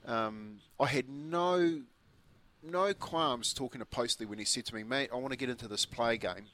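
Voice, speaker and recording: A New Zealand man in his fifties co-hosting breakfast radio, talking loosely and circling back on himself. His voice sits at a middling pitch. He sounds relaxed, casual and chatty. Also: normal speed. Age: 50s. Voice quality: rambling storyteller, restarts and laughs. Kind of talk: casual chat.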